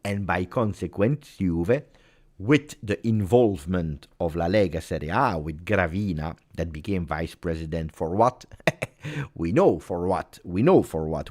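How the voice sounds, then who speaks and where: Hosting a football channel's casual livestream, a middle-aged Italian man chats with viewers in a low voice with an Italian accent. He's animated and repeats phrases for emphasis.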